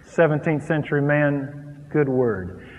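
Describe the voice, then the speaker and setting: A middle-aged man preaching a sermon, animated and jokey, with dramatic pauses. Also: on the high side, slight background noise. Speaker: pastor. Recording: long hall reverb.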